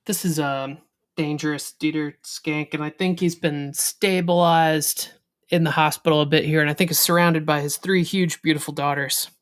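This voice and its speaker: Smooth-voiced player hedging through a scene. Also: medium pitch, fairly bright tone. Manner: tentative, hedging narration. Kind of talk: narrating a tabletop role-play scene.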